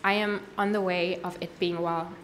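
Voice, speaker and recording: A woman sharing her personal testimony at a worship service, earnest and halting, with frequent pauses and restarts. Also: lowish voice, little pitch movement, noisy background. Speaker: church testimony speaker.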